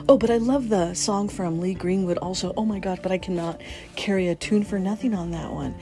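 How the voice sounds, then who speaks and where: A woman's voice: medium pitch, normal speed, dark tone, soft background music. A woman hosting a casual morning coffee podcast, chatty and laughing often. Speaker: podcast host.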